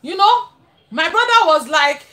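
Nigerian woman, live stream host, high voice, blessing viewers. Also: lively intonation, measured pace. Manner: warm blessings, frequent laughter. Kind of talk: casual live stream chat.

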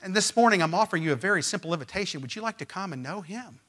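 A man preaching a sermon as pastor, emphatic and swinging from loud, rising lines to quiet ones. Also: high voice, animated, very fast. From Missouri. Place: church.

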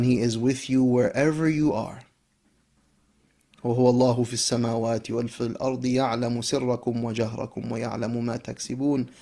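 A man, an Islamic scholar, giving a reflective religious lesson. He recites Arabic verses briskly, then explains them slowly and emphatically, sometimes dropping to a hushed voice. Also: fairly high pitch. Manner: expressive, shifts between brisk Arabic recitation and slow, emphatic English; drops to a soft, hushed voice at key points.

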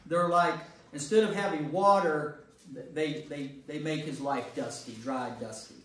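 A man's voice: fairly high pitch, fairly even intonation, measured pace, a bit bright, a little hiss or hum. A priest leading a Bible study, teaching in a conversational way, repeating words and checking in with his class. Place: church meeting room. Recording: very echoey room, distant mic.

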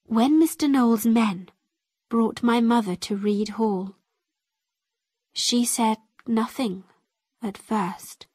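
Brief: woman narrator, graded-reader story, very slow and deliberate, husky, dry sound. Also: on the high side, a little mellow, no echo. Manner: slow, clear and deliberate for learners.

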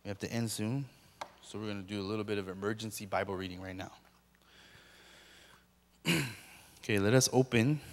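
A man's voice: on the low side, moderate pace, pauses often, big-room sound, slight background noise. A man preaching a sermon as a pastor, emphatically questioning his listeners and repeating key points.

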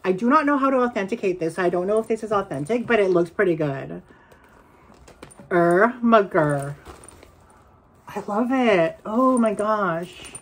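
A woman chatting casually as she unboxes and reviews secondhand bags, excitable and quick to gasp and laugh. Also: medium pitch. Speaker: reseller vlogger.

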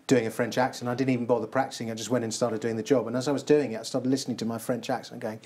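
A man's voice: mid-range voice, level tone, very fast, darkish tone, slight background noise. A man interviewing a guest in casual conversation, chatty and agreeable.

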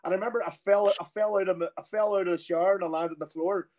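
A middle-aged Irish man, a former footballer, telling a long anecdote in a casual, animated way and acting out the people he quotes. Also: sits high, rapid-fire. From Ireland. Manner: animated storyteller who acts out quoted voices.

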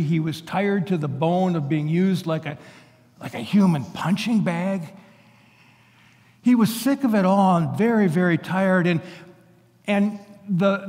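A man's voice: sits high, darkish tone, long reverb tail. A male pastor preaching an earnest, emphatic sermon, often restarting his words. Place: large church sanctuary.

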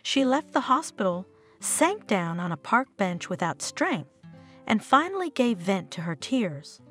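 A woman narrating an audio story in a steady, expressive reading. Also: medium pitch, unhurried, faint music behind.

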